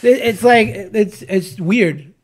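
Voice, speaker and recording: A man co-hosting a casual podcast, telling an animated story and acting out what people said. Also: high-pitched, slow pace, heavy background noise. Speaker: podcast co-host, jiu-jitsu instructor.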